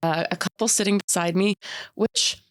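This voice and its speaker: A woman's voice: medium pitch, steady tone, normal speed, dry recording. A woman in her thirties from Canada, co-hosting a casual chat podcast and telling stories with frequent laughter. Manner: chatty storyteller, laughs often. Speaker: podcast co-host.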